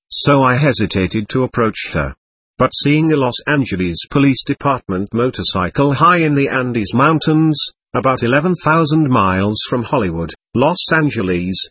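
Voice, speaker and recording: A man's voice: mid-range voice, fairly bright tone, breathy edge, no room sound. A man narrating a first-person story as an audiobook, with a wry storytelling delivery.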